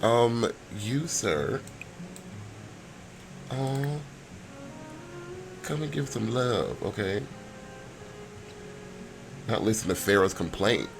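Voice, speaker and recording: A deep-voiced man talking casually through his game, with his pitch jumping around a lot as he reacts. He reads the characters' dialogue aloud between his own comments, with faint music underneath. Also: animated, extremely slow, vocal fry, long pauses. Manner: chatty, reads sims' dialogue aloud, squeals now and then. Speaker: let's player.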